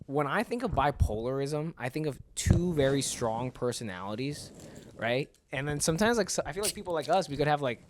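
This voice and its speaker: A fairly high-pitched man hosts a podcast in loose, casual chat. He rambles and leans on fillers, and his voice rises and falls with lots of movement. He sounds easygoing as he circles his points. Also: animated, a little fast, background noise. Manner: rambling, filler-heavy, frequent "like" and "right?". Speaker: podcast host.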